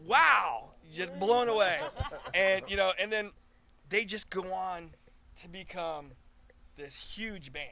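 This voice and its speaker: A man's voice: high voice, measured pace, pushed and bright. A man in his fifties, a guest musician, telling stories in a casual chat, acting out quoted dialogue with frequent restarts.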